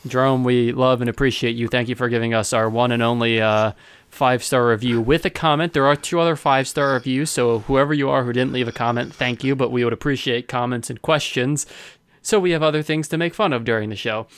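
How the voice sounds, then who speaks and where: A man co-hosting a podcast, bantering in a casual, teasing and animated way. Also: medium pitch, clear, resonant tone, dry recording. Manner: animated, teasing, quick to joke. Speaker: podcast co-host.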